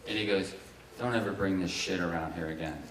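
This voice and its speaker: A middle-aged man from Ohio giving a keynote talk, telling his story with lively acted-out quotes. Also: low-pitched, brisk, a little hiss or hum. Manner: animated, acts out quoted voices. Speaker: keynote speaker. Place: large conference hall. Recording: echoey hall, heard from far off.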